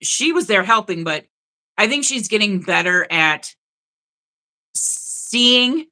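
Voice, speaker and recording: A woman's voice: medium pitch, lively intonation, slow, pushed and bright. A woman hosting a spiritual live stream, talking earnestly and directly to her viewers in casual chat.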